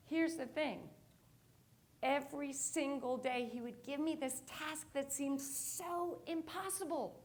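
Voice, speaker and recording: A woman's voice: sits high, normal speed, a bit bright. A woman giving a motivational talk on stage, telling a story and acting out her own reactions. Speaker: keynote speaker. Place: conference stage.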